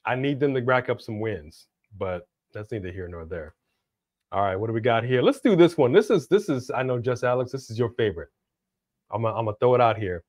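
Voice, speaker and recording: A man's voice: mid-range voice, animated, a little fast, darkish tone, no echo, studio quality. A man co-hosting a live wrestling prediction stream, chatting casually and now and then bursting into a hype-announcer delivery.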